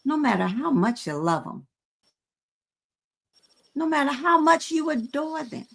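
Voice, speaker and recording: A woman in her fifties hosting a panel, talking frankly and conversationally with frequent pauses to gather her words. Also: fairly high pitch. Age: 50s. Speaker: host.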